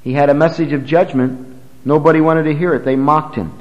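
A man preaching a sermon, swinging from loud, high emphasis to low, quiet lines, and reading scripture aloud in old-fashioned English. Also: fairly even intonation, brisk, long reverb tail, muffled recording. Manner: emphatic, rises and drops sharply in pitch and volume.

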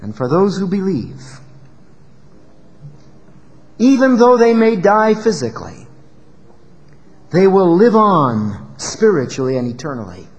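A male pastor preaching a sermon in an emphatic style, rising to loud peaks and dropping low. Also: big pitch swings, slow, long pauses, in a large hall, muffled recording.

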